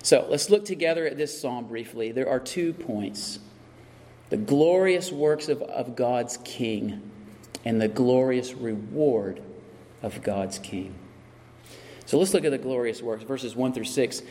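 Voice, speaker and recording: A man's voice: mid-range voice, slow, warm tone, in a large hall. A man preaching a sermon as pastor, building emphasis with repeated phrases and questions.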